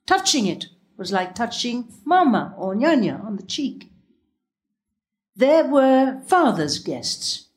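A woman narrating a story in a calm, measured, unhurried reading. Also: medium pitch. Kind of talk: audiobook narration.

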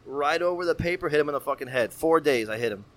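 A man in his thirties telling a story in casual chat, animated and profane, acting out voices. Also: fairly high pitch, fast talker. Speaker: podcast guest.

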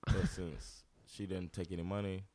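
A man's voice: low voice, flat delivery, moderate pace, a little mellow, dry recording. A man, a guest telling a story in casual talk, laughing often and putting on voices for the people he quotes.

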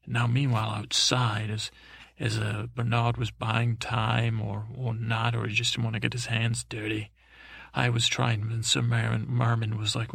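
A man improvising a rambling comic tale as a dim, timid boy prince, halting and mixing up names. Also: mid-range voice, monotone, gravelly, a bit bright, husky. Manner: halting, full of restarts and mixed-up names. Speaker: comedic storyteller.

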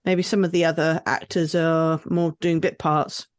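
A woman with a fairly low voice chats easily, laughing often and thinking out loud. The recording is dry, with no room sound. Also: little pitch movement, dry recording. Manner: easygoing, quick to laugh, thinks aloud. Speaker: podcast co-host. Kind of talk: casual chat.

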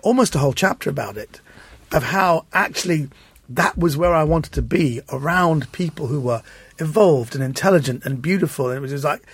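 A man, a comedian guest, telling anecdotes in an animated way in casual chat and acting out the voices he quotes. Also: a little high, fairly quick, slightly rough, no room sound.

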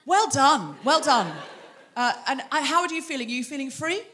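A woman's voice: high-pitched, expressive, a bit bright. A woman hosting a live comedy show on a theatre stage, bantering with the audience in a teasing, chatty way. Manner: teasing, chatty crowd work with quick asides. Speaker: host.

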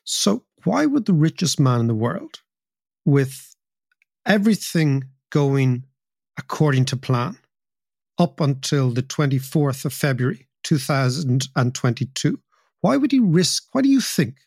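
A man's voice: medium pitch, very animated, measured pace, vocal fry, a little mellow, no echo, studio quality. A man hosting a podcast interview, asking probing questions with stammering restarts. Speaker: podcast host.

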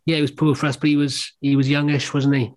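A man's voice: mid-range voice, level tone, fast. Male podcast host, chatty and jokey, keeps the show moving. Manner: jokey, leads the segments. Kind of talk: casual football podcast chat.

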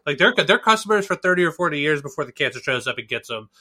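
A man's voice: fairly high pitch, animated, quick pace, bright, forceful tone. A man from the Southern US, joking sardonically and swearing in casual podcast chat. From Southern United States. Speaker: podcast co-host.

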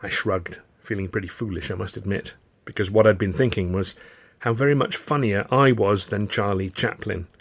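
A man reading his own novel aloud in first person, with wry, measured storytelling. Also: fairly low pitch. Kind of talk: first-person audiobook narration.

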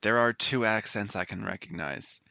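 A man's voice: fairly low pitch, normal speed, vocal fry, sharp tone, no room sound. A man co-hosting a game podcast, teasing his partner with chuckling banter. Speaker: podcast co-host and player. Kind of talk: casual podcast chat.

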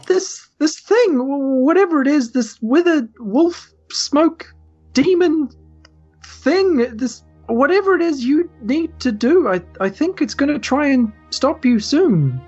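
A woman's voice: high-pitched, sing-song, takes it slowly, lo-fi sound, soft background music. A woman narrating a tabletop game as game master, often stammering and rambling as she thinks.

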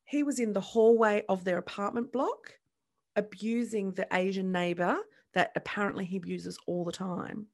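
A woman co-hosting a podcast, chatting casually and telling stories with quick bursts and acted-out quotes. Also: mid-range voice, fairly even intonation. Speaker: podcast co-host. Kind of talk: casual chat.

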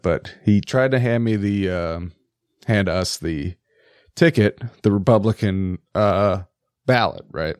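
A man's voice: deep voice, takes it slowly, smooth, no echo, studio quality. A man co-hosting a podcast, talking politics casually with lots of swearing and laughter. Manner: profane, animated, laughs often. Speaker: podcast co-host.

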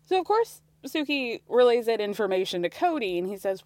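A woman's voice: on the high side, very animated, brisk, few pauses, darkish tone, no echo. A woman hosting a podcast, recapping a reality show in a sarcastic, casual way and laughing often. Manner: sarcastic, laughs often, acts out quotes in mocking voices.

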